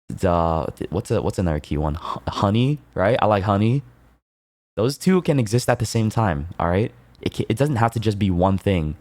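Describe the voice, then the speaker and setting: A man streaming, chatting casually and playfully with his chat, laughing often and rambling in quick asides. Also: sits low, a little mellow, dry recording.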